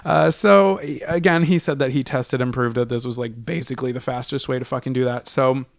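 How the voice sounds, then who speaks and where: A man's voice: mid-range voice, steady tone, brisk, vocal fry, dry recording, clean studio sound. A man co-hosting a podcast, telling a story in a casual, profane, jokey way. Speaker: podcast co-host.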